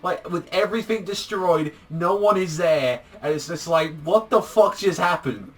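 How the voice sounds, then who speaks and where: A man casually recapping a manga chapter, rambling and excitable, swearing a lot and filling his talk with "like". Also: high voice, normal speed. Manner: rambling, profane, heavy use of "like", excitable. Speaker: manga reviewer.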